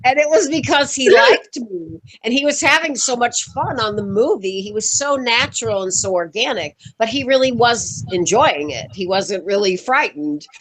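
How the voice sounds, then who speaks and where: An actress being interviewed, telling stories in a lively, casual way, laughing often and acting out what people said. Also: female voice, fairly high pitch, normal speed, few pauses, poor audio. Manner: animated, laughs often, acts out quoted voices.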